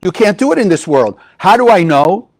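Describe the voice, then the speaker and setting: Male Kabbalah teacher, high-pitched, lively spiritual talk to a live audience. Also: a little fast, rough recording. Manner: animated, rhetorical questions to the audience. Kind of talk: spiritual lecture.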